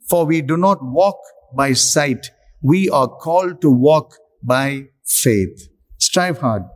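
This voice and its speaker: A male preacher delivering a sermon in a slightly raised voice. He speaks slowly and emphatically, breaking his lines into short phrases with pauses between them. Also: on the high side.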